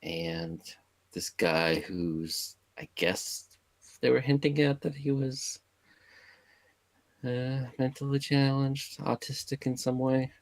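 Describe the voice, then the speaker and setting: A man co-hosting a casual movie podcast, recapping the plot in a laid-back, halting way with lots of uh and restarts. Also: mid-range voice, no room sound. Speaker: podcast co-host.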